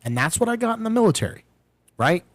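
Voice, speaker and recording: Animated man telling a family story. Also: high-pitched, fast talker, dry recording. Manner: animated storyteller, acts out quotes. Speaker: podcast co-host. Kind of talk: casual storytelling chat.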